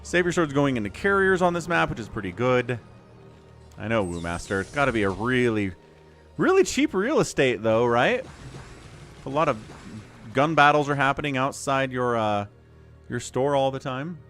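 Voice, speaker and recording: A man calls a strategy game on a live stream, his pitch swinging up and down a lot as he answers chat and jokes between plays. Faint music plays softly behind him. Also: normal speed. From Utah, USA. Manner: chatty and animated, answers chat between play calls, jokey. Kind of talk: live game commentary chatting with viewers.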